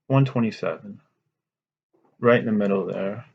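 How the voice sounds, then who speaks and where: A man with a slightly low voice reads a story aloud to a class and keeps stopping to talk it over. His manner is casual and conversational, and he checks in with his listeners. The recording sounds muffled and lo-fi. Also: moderate pace, vocal fry, husky. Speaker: teacher. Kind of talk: reading a story aloud with commentary.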